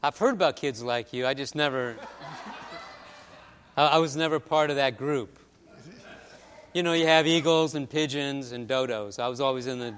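A man's voice: mid-range voice, moderate pace, pauses often, fairly bright tone, clear, resonant tone. A man preaching a conversational storytelling sermon as a pastor, acting out little scenes with voiced quotes. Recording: long hall reverb.

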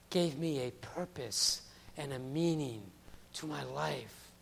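A man quoting a quiet, earnest grown woman. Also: a little high, creaky, slight background noise, heavily acted. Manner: quiet, slow and heartfelt. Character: grown woman recalling hard childhood, earnest.

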